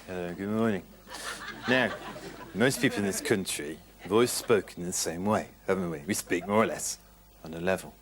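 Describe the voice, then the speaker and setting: A man's voice: sits low, moderate pace, noisy background. A man performing a chummy daytime talk show host in a comedy sketch, addressing guests familiarly.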